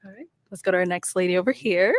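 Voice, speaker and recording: A woman's voice: fairly low pitch, quick pace, dry recording. A woman hosting a dating show, asking contestants questions and giving brief encouraging replies. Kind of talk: interview questions.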